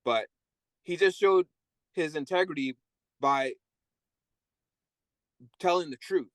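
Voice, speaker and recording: A man's voice: on the high side, slow, dry recording. A man, a former correction officer, telling candid stories from prison work in an interview. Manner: candid, tells stories acting out inmates' voices. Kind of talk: storytelling interview.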